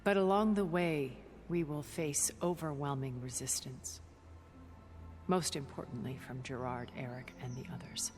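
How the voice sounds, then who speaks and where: A cool, very low-voiced aristocratic defector. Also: female voice, fairly even intonation, darkish tone, long reverb tail, soft background music. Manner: measured, clipped, formal.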